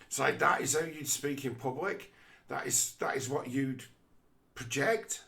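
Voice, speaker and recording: A man hosting a podcast, talking through his views in an animated, mocking way, with frequent fillers. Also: mid-range voice, a little slow, creaky. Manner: animated, mocking quoted voices, many fillers. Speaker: podcast host. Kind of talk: casual commentary.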